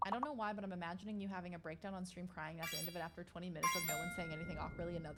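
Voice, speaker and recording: A woman's voice: on the low side, racing, few pauses, background noise. A woman streaming games, chatting playfully with her viewers and laughing often. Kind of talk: live-stream gaming chat.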